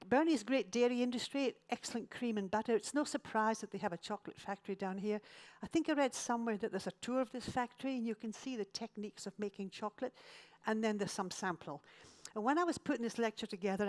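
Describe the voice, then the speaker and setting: A woman from Scotland, giving an illustrated travel lecture with dry, self-mocking jokes. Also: medium pitch.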